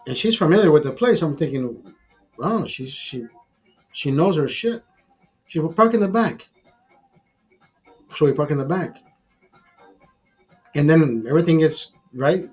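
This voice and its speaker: Husky man telling a crude rant. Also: on the high side, a little mellow. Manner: crude, bitter and petty. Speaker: livestream host. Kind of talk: profane storytelling rant.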